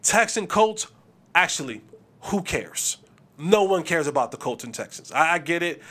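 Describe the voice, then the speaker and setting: Man, high voice, casual sports talk, animated, trash-talking, repeats words. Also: normal speed. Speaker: podcast host and former receiver.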